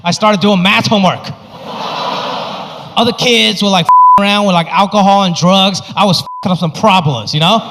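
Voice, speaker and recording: A man's voice: sits high, normal speed. A male stand-up comedian telling punchy anecdotes and acting out the people in them. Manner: punchy anecdotal delivery, acts out characters. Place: comedy stage. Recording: reverberant venue with background noise.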